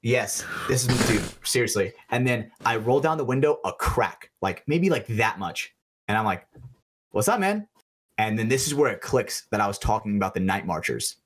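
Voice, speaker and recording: A young man co-hosting a podcast, telling a story in a loose, animated way, swearing freely and acting out the people in it. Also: lowish voice, normal speed. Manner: animated, swearing storyteller who acts out voices. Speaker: podcast co-host. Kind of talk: casual storytelling chat.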